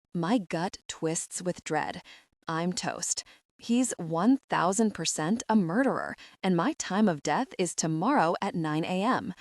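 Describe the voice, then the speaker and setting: A woman narrating a first-person romance audiobook in a wry, expressive way. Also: fairly low pitch, unhurried, no echo, clean studio sound.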